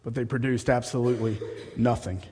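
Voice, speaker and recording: A man's voice: steady tone, fairly quick, background noise. Preaching man in a reverberant hall. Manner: rises to a high mocking voice for sarcasm. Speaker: pastor. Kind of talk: sermon.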